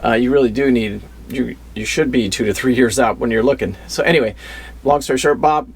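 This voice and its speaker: A man's voice: mid-range voice, a little fast, breathy edge. A man telling a story in a casual vlog, rambling, with many fillers and restarts. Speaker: vlogger.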